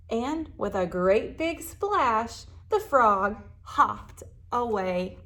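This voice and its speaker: A librarian reading a picture book aloud to children, animated, gasping and asking them questions. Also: female voice, fairly high pitch, very slow.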